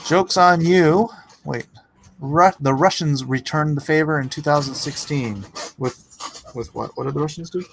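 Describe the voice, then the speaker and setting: A man's voice: on the high side, normal speed, creaky, fairly bright tone, slight background noise. A man hosting a casual livestream, reading chat comments aloud and answering them with rambling, sarcastic talk and frequent laughter. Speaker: livestream host and artist.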